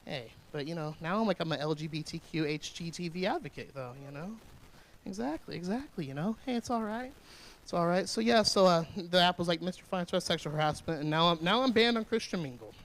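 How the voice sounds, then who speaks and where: A man's voice: high-pitched, expressive, fairly quick, fairly bright tone, low-quality recording. A young man from Indiana doing rambling, crude, self-deprecating stand-up comedy.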